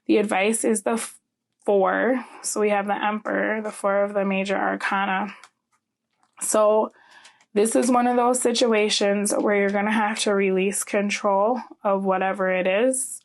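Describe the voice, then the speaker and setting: A woman's voice: mid-range voice, flat delivery, a little slow, creaky. A woman giving a casual tarot reading, chatty, often ending her points with "okay?". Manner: chatty, frequent "um" and "okay?" tags. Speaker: tarot reader.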